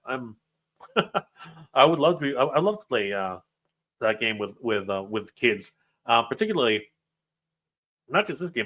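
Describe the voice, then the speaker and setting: Man, livestream host, emotional, excited, tripping over words, mid-pitched. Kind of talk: casual livestream chat reading comments.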